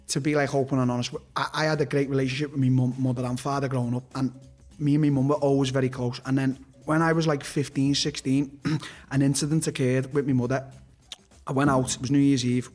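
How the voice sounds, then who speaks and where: Liverpool man, fighter guest on a podcast; husky, mid-pitched, candid, sweary, stop-start delivery. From Liverpool, England. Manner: blunt, swears constantly, restarts sentences. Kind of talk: candid personal storytelling.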